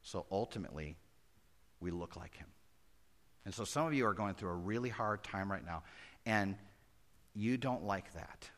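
A middle-aged pastor preaching a conversational sermon that rises to emphatic peaks. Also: male voice, fairly low pitch, animated, moderate pace, long pauses, fairly bright tone.

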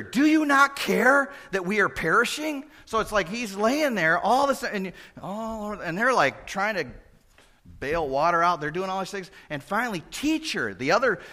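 A middle-aged male pastor preaching a sermon, moving between loud exclamations and hushed asides. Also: on the high side.

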